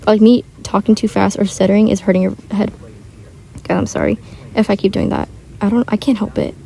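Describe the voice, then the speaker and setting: Rough audio from wireless earbuds captures this teen gamer girl's gravelly, dark, mid-range voice. She's a gaming vlogger rambling casually as she plays, full of filler words, in a bedroom she shares.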